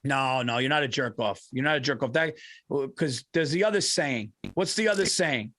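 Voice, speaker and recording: A man co-hosting a comedy podcast, telling stories in an animated, profane way and laughing often. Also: mid-range voice, normal speed. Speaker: podcast co-host. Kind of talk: casual comedic chat.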